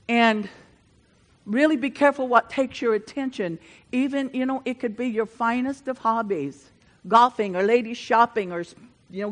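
An older woman preaching a sermon, moving between fervent, building passages and chatty asides with the congregation. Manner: swells louder and higher when preaching, drops to chatty asides with the congregation.

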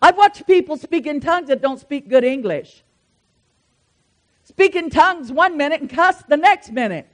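A woman preacher, delivering a fervent sermon that swings between loud declarations and soft asides. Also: sits high, animated, moderate pace. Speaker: pastor.

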